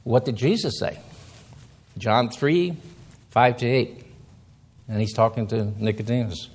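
A man preaching a sermon, reading scripture slowly and then explaining it with emphatic rises in his voice. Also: medium pitch, animated, breathy edge.

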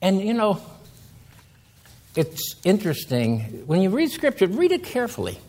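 A man preaching a sermon, reading scripture slowly and then explaining it with emphatic rises in his voice. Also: high voice, wildly swooping pitch, a little mellow.

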